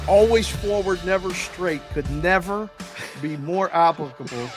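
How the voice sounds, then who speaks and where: A man co-hosting a sports betting show in casual chat, excitable with loud bursts of enthusiasm. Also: high-pitched, a little slow, music in the background.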